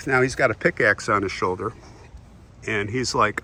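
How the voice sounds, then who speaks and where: A man casually retelling a historical crime, animated, briefly acting out the quotes as he goes. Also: fairly low pitch, normal speed, slight background noise. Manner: animated, acts out quotes in passing. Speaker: history storyteller.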